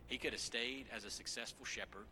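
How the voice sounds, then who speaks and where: Bright-voiced joking man preaching. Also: medium pitch, a little fast, a little hiss or hum. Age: 30s. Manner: joking, lively asides to the congregation. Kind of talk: sermon.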